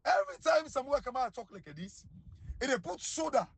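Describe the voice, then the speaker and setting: Heated Sierra Leonean man, husky and high. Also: very animated, brisk. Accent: Sierra Leonean Krio. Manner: heated, scornful, repetitive. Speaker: online commentator. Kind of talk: impassioned political commentary.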